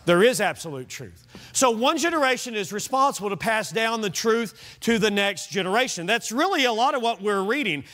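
A male pastor preaching an evening sermon in a church, animated and conversational, asking the congregation questions. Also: high voice, fairly quick. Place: church sanctuary.

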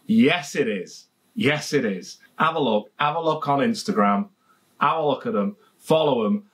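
A man with a Leicestershire accent talks through a beer review in a relaxed home vlog. His voice sits at an ordinary middle pitch for a man. He speaks casually, cracks jokes and likes to say the same phrase twice. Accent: Leicestershire English. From England. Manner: chatty and jokey, repeats phrases. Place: home garden, outdoors.

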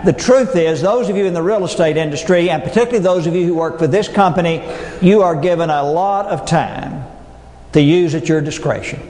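A man's voice: fairly high pitch, brisk, a little mellow. A middle-aged man, giving a humorous motivational keynote with folksy stories and punchlines. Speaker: motivational speaker. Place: large hall before an audience. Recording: echoey hall with long reverb.

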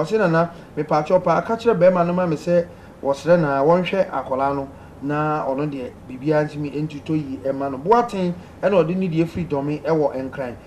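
Male call-in host, upbeat, reads messages and laughs; higher voice, light noise behind. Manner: lively, laughing, pleading with callers to speak. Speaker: radio host reading listener messages. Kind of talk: call-in advice show.

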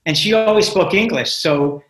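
Man, 60s, slightly high voice, relaxed, repeats words, echoey room. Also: normal speed. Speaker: guest actor. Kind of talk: casual interview chat. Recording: roomy echo.

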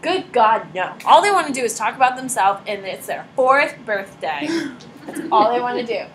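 A woman's voice: a little high, expressive, moderate pace, fairly bright tone, slight background noise, poor audio. A young woman teacher giving a chatty classroom lecture, telling stories with sarcastic asides. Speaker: high school teacher.

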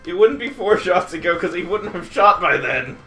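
Brief: male gamer, very bright sharp tone, lively swings, rowdy and crude. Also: sits high, normal speed. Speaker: let's play commentator. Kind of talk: casual gaming banter. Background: game music.

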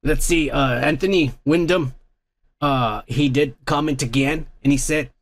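Gravelly, profane male podcast host. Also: fairly high pitch, measured pace. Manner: profane, rambling, blunt. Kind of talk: casual chat reading viewer comments.

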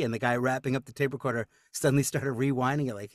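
Animated male voice actor telling stories. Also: mid-range voice, rapid-fire, no echo, studio quality. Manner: animated storyteller, acts out quotes, laughs often. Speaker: voice actor guest. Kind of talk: casual interview storytelling.

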